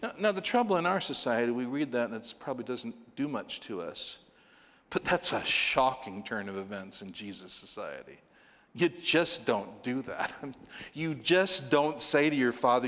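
A male preacher delivers a sermon in a big hall with long reverb. His voice moves lively up and down as he acts out little scenes. His pitch sits in the middle range. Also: normal speed. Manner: animated, acts out voices with laughs.

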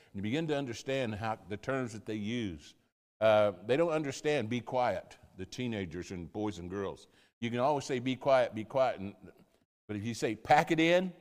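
A man's voice: mid-range voice, a little mellow. An older American man, a missionary pastor, telling stories in a sermon style, rambling with many fillers and repeated words. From United States. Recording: long hall reverb.

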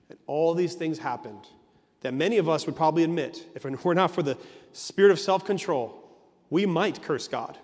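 Male pastor, mid-high voice, earnest sermon delivery, repetitive emphasis, reverberant church sound. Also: normal speed, darkish tone.

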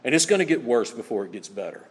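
A man preaching a sermon as pastor, emphatic, swinging between loud exclamations and low, quiet asides. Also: sing-song, fast, breathy edge, in a large hall.

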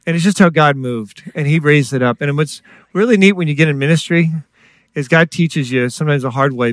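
A man preaching a sermon in a lively storytelling way, acting out voices and joking with the congregation. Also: fairly high pitch, no echo. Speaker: guest preacher. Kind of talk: sermon with stories.

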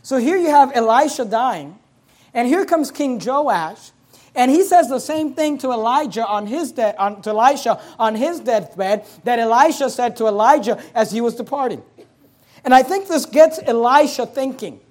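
Guy preaching a sermon, reads the old bible verses then gets loud and worked up. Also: very high voice, expressive, normal speed. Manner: preaching with rising, shouting emphasis; reads scripture in King James English. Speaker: pastor.

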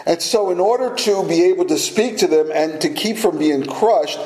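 Pastor, male, a touch high-pitched and mellow, storytelling sermon with light laughs, echoey room. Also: moderate pace. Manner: storytelling, with small laughs and restarts.

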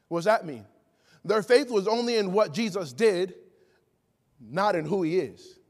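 A man preaching a sermon, emphatic and full of rhetorical questions, acting out the people he quotes. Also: sits high. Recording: long hall reverb.

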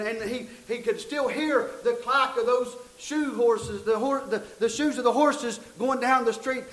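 Man preaching, very high voice, folksy storytelling, echoey church. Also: a bit bright. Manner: folksy, repeats and restarts phrases. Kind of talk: storytelling sermon.

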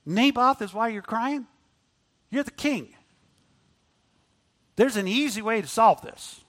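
A man's voice: very high-pitched, pitched above the performer's own voice. A man preacher voicing a scheming queen who mocks her husband and pushes to have a man killed. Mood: scornful. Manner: mocking, brisk, pushy. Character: scheming ruthless queen, a woman.

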